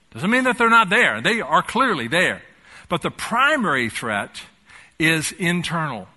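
Older man preaching a sermon, bright voice. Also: on the high side. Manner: preaching with rhetorical questions and wide swings in loudness. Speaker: pastor.

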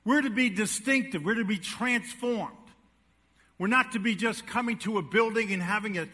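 High, bright-voiced man preaching in an echoey hall. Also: moderate pace. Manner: folksy joke-telling, then emphatic preaching with audience questions. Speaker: pastor. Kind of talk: sermon. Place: church sanctuary.

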